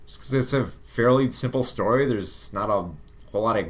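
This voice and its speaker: A man's voice: medium pitch, brisk, a bit bright. A man hosting a casual film review podcast, chatty, laughing often and repeating words as he starts sentences. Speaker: show host, film reviewer.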